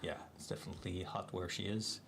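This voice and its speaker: A man's voice: low-pitched, fairly even intonation, quick pace, noisy background. A man with a French Canadian accent, a native French speaker, chatting casually and rambling through asides while hosting a live coding stream.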